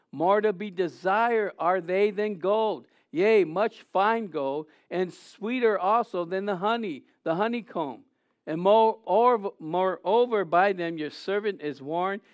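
A man's voice: high voice, smooth, dry recording, highs cut off. A man preaching a sermon, reading scripture aloud, acting out scenes and asking his listeners questions. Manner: animated, acts out scenes, asks the audience questions.

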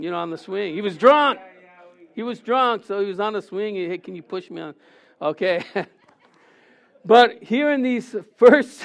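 A man preaching a sermon, reading scripture aloud and telling a story with asides to the congregation. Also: high-pitched. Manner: reads scripture then tells a joke with audience asides and laughter. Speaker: pastor.

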